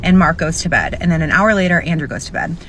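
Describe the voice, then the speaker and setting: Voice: medium pitch, lively intonation, quick pace, fairly bright tone, slight background noise, poor audio. A storyteller recounting a story in a chatty, casual way, full of "like". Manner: chatty, fillers of "like".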